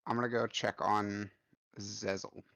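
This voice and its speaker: Flat, low-voiced tabletop player. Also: male voice, measured pace, dry recording. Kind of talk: playing a tabletop game.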